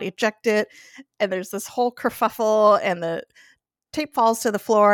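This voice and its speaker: A woman's voice: fairly low pitch, no echo, clean studio sound. A woman guest on a podcast, casually recapping a TV episode, chatty and laughing often as she acts out what the characters say.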